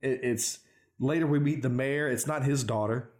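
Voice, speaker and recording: A man's voice: mid-range voice, normal speed, darkish tone. A young man casually recapping a bad movie with sarcastic, swearing commentary. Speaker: podcast host recapping a movie. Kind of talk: casual chat.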